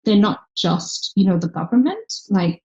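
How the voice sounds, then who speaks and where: Warm-voiced woman telling a story. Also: medium pitch, normal speed, breathy edge. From Ireland. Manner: animated storyteller who acts out quoted people. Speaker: startup founder and podcast guest. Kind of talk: conversational interview. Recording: slightly dull lo-fi recording.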